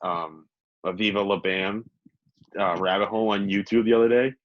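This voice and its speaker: A man co-hosting a podcast in casual chat, an animated storyteller who laughs often. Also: fairly low pitch, normal speed, no echo, highs cut off. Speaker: podcast co-host. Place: studio.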